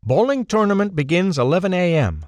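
A man's voice: high-pitched, sing-song, fairly quick, no room sound, voice pushed up. A man voicing an earnest adult man who speaks in clipped sentences and explains things matter-of-factly. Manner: clipped, matter-of-fact, drops small words.

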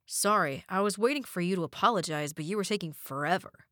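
A woman voicing a sarcastic, sneering adult brother who drags out his words in a slow, mocking drawl. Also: fairly low pitch, a bit bright, no echo, studio quality, lightly acted. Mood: smug.

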